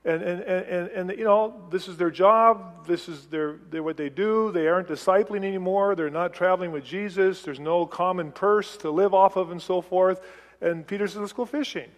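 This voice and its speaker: Middle-aged male preacher, conversational and chatty, higher-pitched, long hall reverb. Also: normal speed. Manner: chatty, acts out quotes, light laughs. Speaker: preacher teaching a Bible passage. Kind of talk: conversational sermon.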